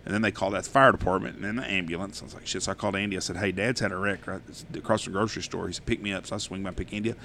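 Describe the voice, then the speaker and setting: A man, hosting a podcast and telling profane, animated stories in casual chat. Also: deep voice, racing, few pauses, slight background noise. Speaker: podcast host. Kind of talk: casual storytelling.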